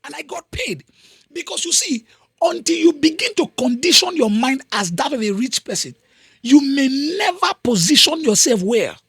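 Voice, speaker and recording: A man's voice: extremely high pitch, very animated, moderate pace, a bit bright, no room sound, studio quality. A man with a Nigerian accent hosting a podcast, giving an emphatic motivational talk and repeating phrases for weight. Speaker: podcast host.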